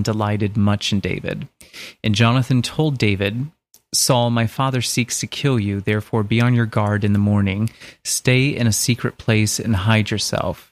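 A man co-hosting a casual talk show, reading a passage aloud in a steady, plain voice between chat. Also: lowish voice. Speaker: podcast co-host reading scripture.

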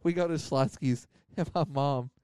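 A man's voice: mid-range voice, moderate pace, dark tone, smooth, no room sound, clean studio sound. A man, telling a rambling story on a podcast with lots of laughter. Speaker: podcast host. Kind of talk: casual storytelling.

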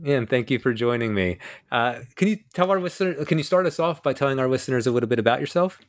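A man hosting a podcast interview, halting and full of you knows. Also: medium pitch, animated. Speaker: podcast host, lecturer.

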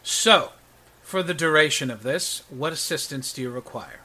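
A towering warrior with a stern, formal manner, put on by a man running a tabletop game. He speaks in short, clipped lines at a low, subdued volume, and his tone stays bright and ringing. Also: animated, brisk, slightly rough. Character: big imposing male warrior, stern and formal.

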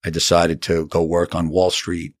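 A middle-aged man with a very low voice tells his life story in an earnest, unhurried way. He acts out remembered conversations as he goes. The sound is dry and close, with no room around it. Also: monotone, dry recording. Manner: earnest, acts out quoted dialogue. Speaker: author and interview guest. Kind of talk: reflective storytelling in an interview.

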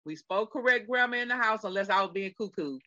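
Emphatic middle-aged woman, bright dry voice. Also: mid-range voice, lively intonation, fast talker, dry recording, dull audio. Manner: emphatic, addresses listeners directly. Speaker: podcast co-host. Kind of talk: casual podcast chat.

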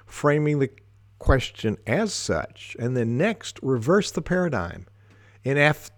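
A man giving a measured talk on leadership, laying out his points one by one with deliberate emphasis. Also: medium pitch, darkish tone, no echo, clean studio sound. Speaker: leadership speaker.

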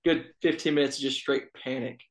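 A man's voice: mid-range voice, fairly quick, rough recording. A young man, an assistant college baseball coach, telling stories casually in an interview with many fillers. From Texas. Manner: storytelling, relaxed, many fillers.

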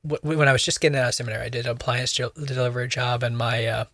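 A young male podcast co-host races through a casual discussion, circling his point with lots of "like" and "you know" and restarting sentences. His middle-pitched voice is fairly bright with fairly even intonation, recorded close and dry with no echo or room sound.

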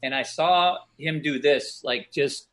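A middle-aged actor telling casual, animated stories from past shoots in an interview, often acting out other people's lines. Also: male voice, on the high side, slow. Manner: animated anecdotes, voices other people in quotes. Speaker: actor guest.

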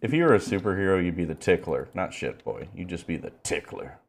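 Low-voiced profane young podcast host. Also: male voice, expressive, fairly quick, creaky. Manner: profane, drawling, mock-folksy. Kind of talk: casual crude banter.

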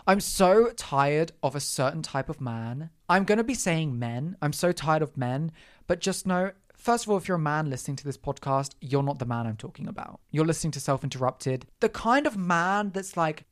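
A young adult podcast host who talks alone in a loose, sarcastic rant and throws in plenty of camp asides. The delivery is animated and punchy, with a mid-pitched voice. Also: moderate pace. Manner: animated, campy, sarcastic ranting with frequent asides. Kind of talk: casual solo podcast rant.

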